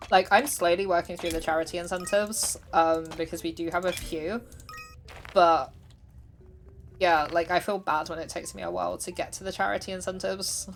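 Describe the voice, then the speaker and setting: A woman's voice: lowish voice, fairly even intonation, moderate pace, vocal fry, soft background music. A woman streamer chatting casually while she plays, chatty and self-deprecating, laughing often. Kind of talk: casual livestream chat while gaming.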